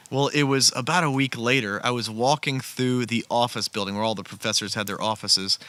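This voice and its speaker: A man's voice: medium pitch, bright, forceful tone. A man telling a personal story in an earnest, conversational way, sitting outdoors beside a campfire. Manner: earnest, conversational, with frequent restarts. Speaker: storyteller sharing a personal testimony. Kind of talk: casual spoken storytelling.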